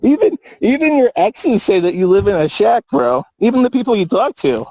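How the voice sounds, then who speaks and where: High-voiced man, taunting and mocking. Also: very animated, moderate pace, dark tone, dry recording. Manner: mocking, taunting, laughs at his opponent. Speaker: livestream guest. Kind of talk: heated argument on a livestream.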